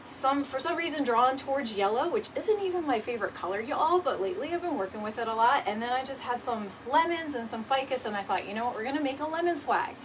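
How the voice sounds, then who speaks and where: A woman with a high, animated voice talks fast with hardly any pauses, hosting a casual craft livestream from home. She's a little out of breath and chatty, greeting viewers by name. The distant mic picks up clear background noise, including a dog barking.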